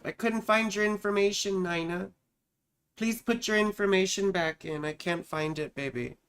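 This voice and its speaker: A woman with a clear, resonant, mid-range voice speaks at a normal speed while hosting an astrology live stream. She reads viewers' charts affectionately and chattily, calls them sweetheart and darling, and talks through her thoughts while finding each chart.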